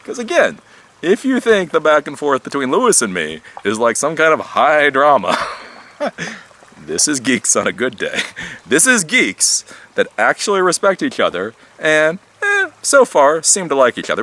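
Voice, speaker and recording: A man's voice: a little high, huge pitch swings, brisk, pushed and bright. A man hosting his own channel, rambling casually and animatedly outdoors, swearing and laughing now and then. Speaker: tech YouTuber. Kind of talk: casual monologue vlog.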